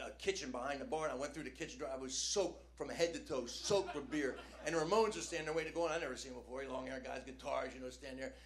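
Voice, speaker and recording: A man's voice: on the high side, gravelly, a bit bright, echoey room. An older man from New Jersey telling stand-up stories on a comedy club stage, talking casually with lots of "man" and "you know", sometimes acting out announcers and crowds. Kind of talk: stand-up storytelling. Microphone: handheld stage mic. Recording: live club recording, faint crowd ambience.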